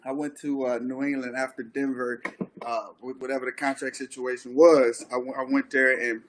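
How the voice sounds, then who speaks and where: A man hosting a casual podcast chat, laid-back and quick to hype his guest. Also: mid-range voice, flat delivery, a little hiss or hum. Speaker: podcast host.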